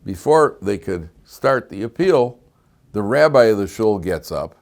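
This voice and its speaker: Lower-voiced rabbi telling stories in class. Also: male voice, measured pace, gravelly. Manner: animated storyteller who acts out dialogue; digressive, with frequent restarts and rhetorical questions. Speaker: rabbi teaching a weekly Torah class. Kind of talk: Torah class lecture.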